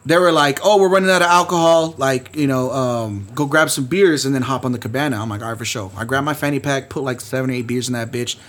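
A man's voice: medium pitch, fast talker, hardly any pauses, fairly bright tone. A man co-hosting a podcast, telling a long profane party story in casual chat. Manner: profane, rambling anecdote with quoted voices. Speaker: podcast co-host.

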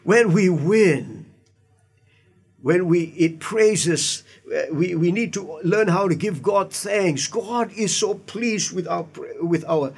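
A man's voice: sits high, slow, slightly rough. A man, a pastor, preaching an earnest sermon with emphatic asides and repeated words. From Indian heritage.

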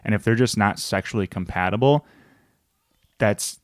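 A man's voice: lowish voice, normal speed, no echo, studio quality. A young man casually co-hosting a podcast, telling stories in a rambling, self-interrupting way. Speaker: podcast co-host. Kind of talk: casual chat.

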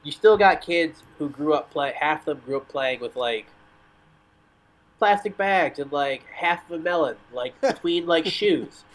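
A man's voice: a little high, lively intonation, unhurried, rough recording. A man talking casually as a guest on a soccer podcast, telling rambling stories full of "like" and "you know". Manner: rambling storyteller, lots of "like".

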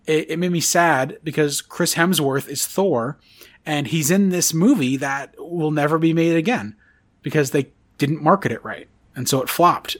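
A man's voice: on the high side, normal speed. A man hosting a podcast in casual chat, rambling and enthusiastic with lots of fillers. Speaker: podcast host.

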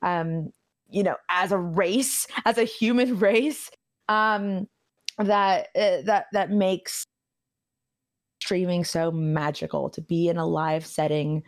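A woman streamer telling a story in a casual interview, animated and laughing often. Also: lowish voice, slow. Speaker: streamer guest.

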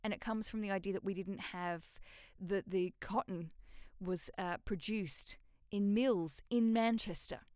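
A woman's voice: mid-range voice, smooth, dry recording. Chatty Australian woman podcast host. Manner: chatty, rambling and swearing freely, with bursts of self-mocking asides. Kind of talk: casual solo podcast chat.

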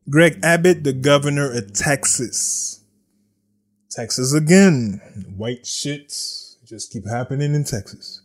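Male podcast host, unhurried drawl, sarcastic and blunt, riffs on headlines with repeated phrases. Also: a little high. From United States. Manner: blunt, sarcastic, repeats himself, laughs at own jokes. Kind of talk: casual news commentary.

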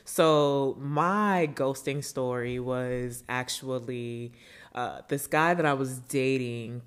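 A woman's voice: very deep voice, slow, clean tone. A woman co-hosting a podcast, laid-back and chatty, laughing easily. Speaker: podcast co-host. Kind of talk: casual chat.

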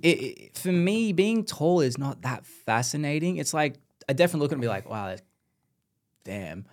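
A young Australian man hosts a podcast, chatting casually, telling stories with animation, and laughing often. His voice is a little high, and he talks fast.

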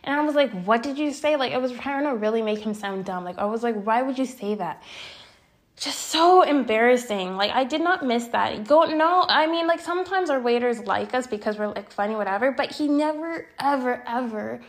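A woman's voice: a little high, animated, fairly quick, hardly any pauses. A woman in her twenties telling a personal story to her viewers, venting with frequent swearing and filler words. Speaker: storytime vlogger.

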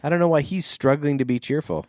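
A man reading a book aloud on a podcast and chatting about it wryly, slipping into quick quoted voices. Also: fairly high pitch, darkish tone, no echo, clean studio sound. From St. Louis. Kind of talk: casual chat and reading aloud.

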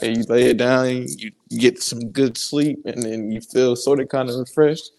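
A man with an average-pitched voice joins a podcast chat while walking around at work. He sounds a bit winded as he talks things through in a reflective way. His pauses and light laughs keep the tone relaxed. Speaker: podcast co-host.

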